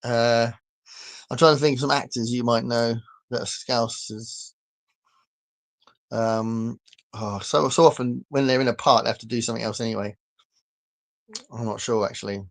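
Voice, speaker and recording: A man with a southern English accent, talking at a middling pitch in a relaxed, rambling way. He reads out and answers viewer comments on a casual live stream, often breaking into laughter. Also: moderate pace, gravelly, long pauses. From southern England. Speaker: livestream host reading comments. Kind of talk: casual chat.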